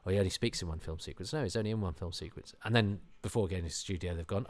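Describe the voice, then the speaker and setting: A man with a fairly low voice hosts a podcast. He talks in a loose, rambling way, pokes fun at himself and often breaks off into animated asides. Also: very fast. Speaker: podcast host. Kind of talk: casual commentary.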